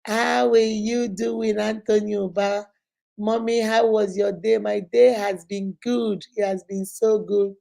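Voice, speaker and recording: A woman's voice: medium pitch, little pitch movement, slow pace, gravelly, dark tone, poor audio. A Nigerian woman hosting a casual livestream, talking effusively and greeting viewers by name. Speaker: livestream host.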